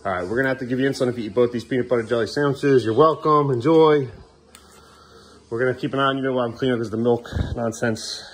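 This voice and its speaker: A man's voice: medium pitch, fast talker. A man filming a casual family vlog at home, coaxing and joking with his children as he hurries them through bath time. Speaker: father filming his kids.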